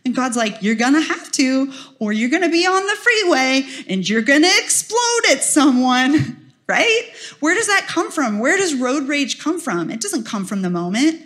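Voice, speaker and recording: A woman in her forties giving an informal, conversational sermon, earnest and often dropping soft before rising with urgency. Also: medium pitch. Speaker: speaker at a Christian teaching talk.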